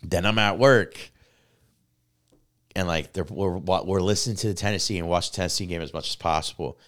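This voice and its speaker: A man co-hosting a casual podcast, telling a rambling, excitable story full of swearing and filler words. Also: sits low, a little fast. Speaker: podcast co-host. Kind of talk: casual chat.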